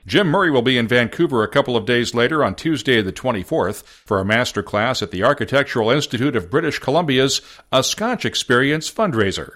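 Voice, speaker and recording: A man from the United States hosts a podcast and reads his script with plenty of movement in his pitch. His delivery is wry and self-deprecating. His voice sits at an ordinary middle pitch. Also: lively intonation, fairly quick, few pauses, fairly bright tone. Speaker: podcast host.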